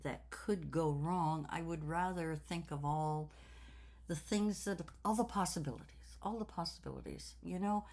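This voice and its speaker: A woman in her sixties talking slowly and reflectively in a personal vlog, with many fillers and repeated words. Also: deep voice, a little mellow. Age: 60s. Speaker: craft channel host.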